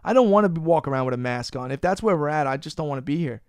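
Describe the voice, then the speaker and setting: Podcast host, New man, higher voice, smooth and clear, foul-mouthed ranter. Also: expressive, racing, dry recording, studio quality. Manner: profane, ranting, teasing his co-host. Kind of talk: casual podcast banter.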